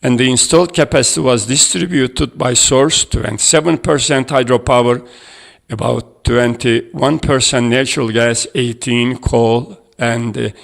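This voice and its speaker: A man giving an academic conference presentation, halting and hesitant as he reads out figures from his slides. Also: medium pitch, fairly even intonation, gravelly. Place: conference room.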